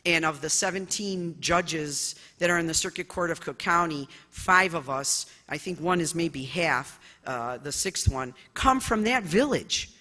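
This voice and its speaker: A middle-aged woman judge from the United States, telling personal stories at a conference in an expressive, loud way with many fillers. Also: sits low, unhurried, few pauses. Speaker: judge giving a conference talk. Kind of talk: conference speech, personal storytelling. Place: large conference hall. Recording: echoey conference hall.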